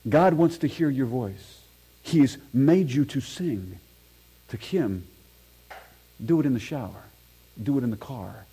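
A man's voice: mid-range voice, expressive, takes it slowly, pauses often, dark tone, breathy edge, poor audio. A man preaching a sermon in a church, reading scripture aloud with earnest emphasis and self-deprecating asides. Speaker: pastor. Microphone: microphone.

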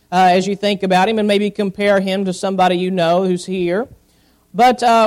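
A high-pitched man delivering a sermon. He explains scripture at an unhurried preacher's pace and stops now and then to read verses aloud. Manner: expository preaching with scripture reading. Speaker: pastor.

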